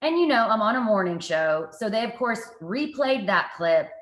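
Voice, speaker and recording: A woman, a TV reporter, telling stories from her work in a casual interview, lively and self-mocking. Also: mid-range voice, moderate pace, echoey room. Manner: lively, animated storytelling with self-mocking asides. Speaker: guest, TV reporter and anchor.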